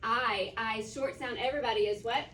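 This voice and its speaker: A woman teacher leads a phonics lesson with call-and-response questions, stretching sounds out slowly as she models them. Her fairly high voice comes from across an echoey classroom, heard from some distance. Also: background noise. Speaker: first grade teacher.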